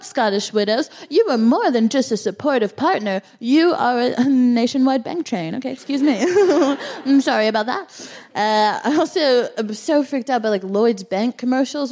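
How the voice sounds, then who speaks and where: A woman performs a stand-up set from a live stage. She rambles along playfully, and her voice sits a little higher than most. Now and then she slips into silly put-on voices. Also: expressive, normal speed, few pauses, a little mellow. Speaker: co-host, stand-up comedian.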